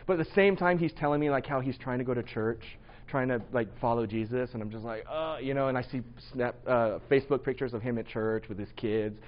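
A man's voice: medium pitch, a little fast. A man, a pastor in his thirties, preaching in a casual, candid storytelling way with lots of filler words and tag questions. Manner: candid, rambling, lots of "like" and "right?". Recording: slightly dull lo-fi sound.

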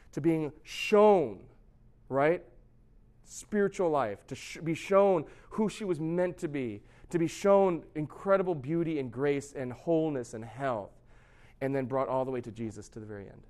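A man's voice: fairly high pitch, darkish tone. A middle-aged pastor giving a sermon in a conversational way, often asking his listeners questions. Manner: conversational, asks the audience questions.

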